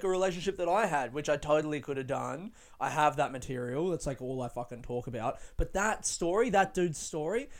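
Smooth-voiced young man, rambling casually. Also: fairly high pitch, darkish tone. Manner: rambling, lots of "like" and restarts, casual swearing. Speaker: stand-up comedian. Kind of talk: casual reflective vlog talk.

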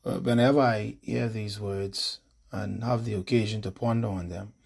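A male priest, leading a morning devotion with prayer, scripture and a measured sermon. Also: fairly low pitch, fairly even intonation, vocal fry, breathy edge. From Bahamas.

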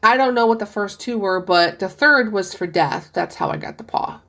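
A woman voicing a weary old soldier in a story reading, speaking slowly and solemnly. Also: mid-range voice, a bit bright. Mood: grave. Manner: grave, slow and solemn. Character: grave, weary old soldier, a sergeant major.

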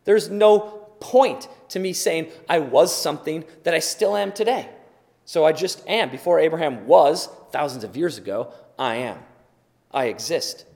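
A man's voice: a little high, unhurried, creaky. Emphatic male preacher in a reverberant hall. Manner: emphatic, repeats words for stress, swings between loud and soft. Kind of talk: sermon.

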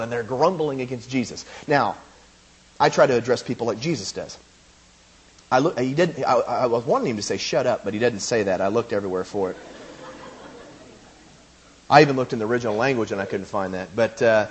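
A man's voice: mid-range voice, lively intonation, a little fast, breathy edge. A man preaching a sermon, chatting casually and then building to emphatic preaching. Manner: conversational, rising to emphatic preaching.

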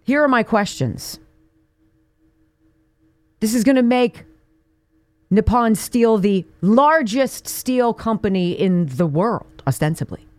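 Indignant woman radio host, lively delivery. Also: mid-range voice, takes it slowly, pauses often, no room sound. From Pittsburgh area. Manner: indignant, emphatic, rhetorical questions. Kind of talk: opinion monologue.

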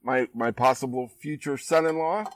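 A man's voice: medium pitch, normal speed, far from the mic, poor audio. Laid-back man hosting a backyard podcast. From Iowa. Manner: laid-back, laughing, chatty. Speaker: podcast host. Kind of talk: casual chat. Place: outdoors in a backyard.

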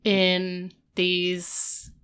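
Woman co-host, casual recap, animated storyteller with a bright, clean tone. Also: very slow, clear, resonant tone. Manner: animated retelling, jumps into high voices for quotes. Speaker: podcast co-host.

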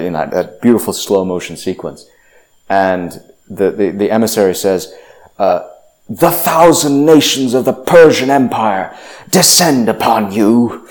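A man with a very low voice gives a casual lecture. He stumbles through fillers and restarts, then punches out the lines he quotes. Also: darkish tone.

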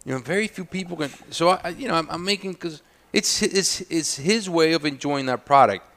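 A man guest on a talk show, telling stories in a casual, animated way and laughing often. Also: a little high, fairly quick. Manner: animated, laughing, loud when imitating others. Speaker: guest, cigar maker. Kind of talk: casual storytelling chat. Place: indoor studio, on a couch.

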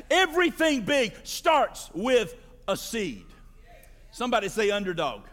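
A man with a very high voice delivers a fiery sermon, rising into shouted peaks and calling on the congregation to answer back. His voice rings through a reverberant church hall. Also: big pitch swings, unhurried. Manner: preaching with shouted climaxes and call-and-response. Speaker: pastor.

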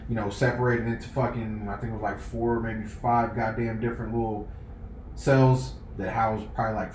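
A man co-hosting a podcast, telling a story in casual, profane chat and loudly acting out what people said. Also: medium pitch. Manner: animated, profane, acts out quoted lines loudly. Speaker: podcast co-host. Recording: echoey room with faint noise.

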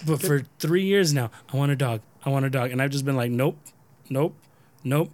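A man hosting a podcast, chatting casually and telling a profane, animated story in which he acts out both sides. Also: mid-range voice, normal speed, a little hiss or hum. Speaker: podcast host.

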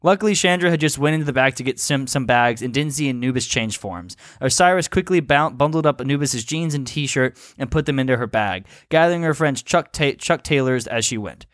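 A man's voice: medium pitch, animated, a little fast, few pauses, fairly bright tone, dry recording, clean studio sound. Giggly man reading a story aloud. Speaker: host reading fan fiction. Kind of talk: read-aloud comedic narration.

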